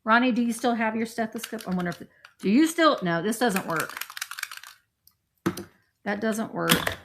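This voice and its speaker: A woman's voice: a little high, expressive, moderate pace, noisy background. Chatty woman rambling through a haul. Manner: chatty, rambling, talking to friends off camera. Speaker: thrift vlogger. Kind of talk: casual haul show-and-tell.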